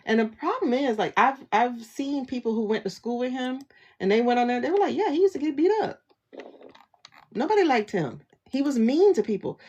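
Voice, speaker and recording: A woman livestream host, talking in a blunt, sassy rant and laughing often. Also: on the high side. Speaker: tarot reader and livestream host. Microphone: phone livestream.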